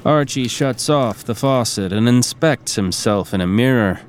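A man reading scripted narration for an audio drama in a steady, even way. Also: medium pitch, measured pace, slight background noise. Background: music.

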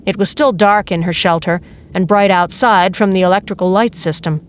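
A woman reading a novel aloud as narrator, in a steady, measured way. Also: medium pitch, slight background noise. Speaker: audiobook narrator. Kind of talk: scripted narration.

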